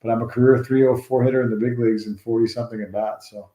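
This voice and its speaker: A man in his forties, a former ball player, telling rambling, animated stories from his career in an interview. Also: mid-range voice, very fast, echoey room. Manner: rambling, animated anecdotes with restarts. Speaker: former baseball player, guest. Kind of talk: storytelling interview.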